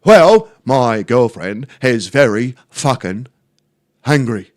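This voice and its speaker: A gruff, sweary neighbour drawls out every word, low and unhurried, as a man puts him on. The voice has a lot of movement in pitch, rising and dipping even in this sullen figure. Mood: grumbling.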